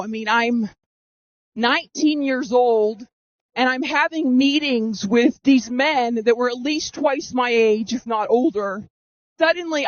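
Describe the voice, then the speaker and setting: High-voiced woman telling a story through a voice mask. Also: no echo. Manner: earnest, dramatic, re-enacting her own past reactions. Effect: voice masking filter. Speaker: storyteller giving personal testimony. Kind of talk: first-person storytelling. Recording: dull, dry, masked voice recording.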